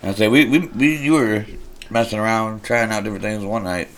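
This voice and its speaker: A man's voice: on the low side, steady tone, brisk, a bit bright. A man co-hosting a podcast in casual chat, laid-back and laughing often. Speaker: podcast co-host.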